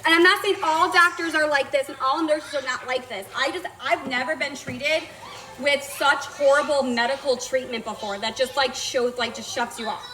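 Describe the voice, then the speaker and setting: Woman, blunt indignant vlog rant, high pitch, swearing. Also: steady tone, normal speed, bright, forceful tone, low-quality recording. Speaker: vlogger telling a personal story. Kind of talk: emotional storytelling rant to viewers.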